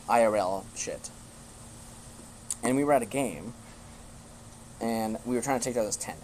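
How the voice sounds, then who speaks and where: A man's voice: on the low side, a little mellow, a little hiss or hum. Blunt young man ranting on stream. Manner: blunt, swears often, restarts sentences. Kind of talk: casual rant to a live stream.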